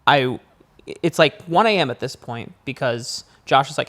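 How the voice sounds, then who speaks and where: A young man, a podcast co-host, telling a long story in casual chat, his voice jumping high when he acts out his own panic. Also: normal speed. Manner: animated storyteller, rises high acting out panic.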